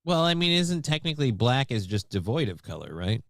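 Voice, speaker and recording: A man co-hosts a casual chat show, firing off questions and profane wisecracks. His pitch moves around animatedly. The recording is dry. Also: sing-song, a little fast, no echo. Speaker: co-host.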